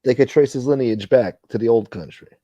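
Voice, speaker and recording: A man's voice: mid-range voice, fairly quick, dark tone, no echo, lo-fi sound. A man hosting a casual live-stream chat, joking around and greeting viewers by name. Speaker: host reading live chat.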